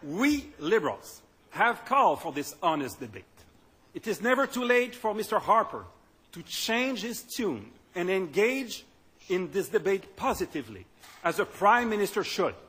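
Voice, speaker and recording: A party leader delivers a political speech in a high, bright, slightly husky voice. He speaks emphatically and sometimes repeats words as he searches for them. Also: very animated. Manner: emphatic, with halting repetitions.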